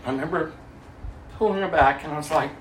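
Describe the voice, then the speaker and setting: A man preaching his testimony as a story, swinging between loud stretches and hushed ones. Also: on the high side, fast talker. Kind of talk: sermon testimony. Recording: echoey room, mic far off, faint noise.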